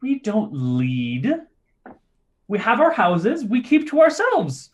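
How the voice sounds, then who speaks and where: A man's voice: high voice, wildly swooping pitch, takes it slowly, pitched above the performer's own voice, heavily acted. Man doing a tiny, fussy male gnome. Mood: indignant. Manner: fussy, haughty, condescending.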